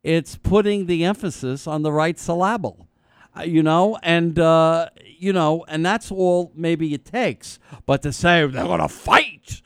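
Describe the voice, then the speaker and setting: A man hosting a radio talk show, rambling and halting with many fillers, getting animated when he makes a point. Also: fairly high pitch, clear, resonant tone, dry recording, studio quality.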